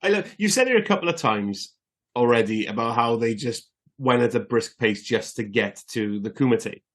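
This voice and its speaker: Teasing man, mid-pitched voice. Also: animated, normal speed. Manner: teasing, laughs often. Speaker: podcast co-host. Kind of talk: casual movie chat.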